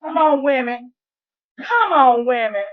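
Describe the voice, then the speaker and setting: A woman preaching in a rousing call-and-response style, shouting exclamations to her listeners. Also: high-pitched, expressive, unhurried. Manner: exclamatory, shouts "What?" and "Woo". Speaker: spiritual motivational speaker. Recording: lo-fi with faint music.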